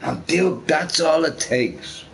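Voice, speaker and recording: A young man rambling casually while streaming a game, swearing freely and telling stories in an animated way. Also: fairly high pitch, slow, vocal fry. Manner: profane, rambling, animated storytelling. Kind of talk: casual rambling chat over gameplay.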